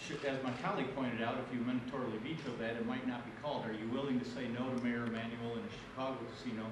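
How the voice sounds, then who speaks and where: A male reporter pressing a politician with fast follow-up questions. He sounds off the microphone, his voice echoing heavily, with clear background noise around him. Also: mid-range voice, steady tone. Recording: distant, echoey with noise.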